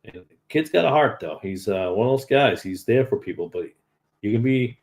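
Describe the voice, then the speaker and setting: A man's voice: mid-range voice, lively intonation, normal speed, darkish tone. A man in his fifties with a Northern US accent, giving an informal, earnest sermon as a lay preacher. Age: 50s. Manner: earnest and conversational.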